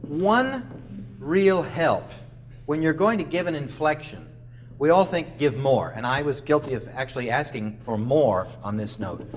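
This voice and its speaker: A man's voice: on the high side, lively intonation, unhurried, slight background noise. A man giving a masterclass to a concert band, explaining musical phrasing and singing short melodic lines to show it. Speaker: clinician. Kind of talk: masterclass coaching. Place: rehearsal room with a band.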